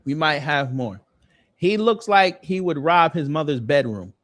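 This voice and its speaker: A man hosts a casual commentary video, mocking his target in slangy, deadpan jokes. His voice sits a little on the high side. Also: unhurried, heavy background noise. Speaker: host. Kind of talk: roasting commentary.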